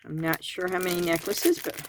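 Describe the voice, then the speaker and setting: A woman's voice: lowish voice, lively intonation, a little fast, noisy background. A woman with a Southern US accent chatting homespun-style through a craft kit review in her garage, counting items aloud. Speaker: crafting video host. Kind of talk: real-time product review and tutorial. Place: home garage.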